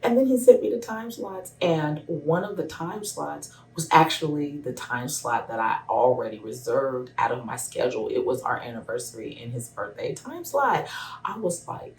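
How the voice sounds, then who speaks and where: A woman in her thirties, a hairstylist, telling a personal story to camera in a casual, animated way. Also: rumbling low, normal speed. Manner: animated, acts out both sides of a phone call. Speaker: hairstylist sharing a testimonial. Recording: echoey room, voice a bit far from the mic.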